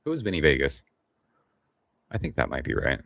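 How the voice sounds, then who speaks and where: A man's voice: rumbling low, very animated, fairly quick, creaky, a bit bright, dry recording. A middle-aged man hosting a casual live stream, rambling in a laid-back way and swearing now and then as he reads the chat. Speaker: livestream host.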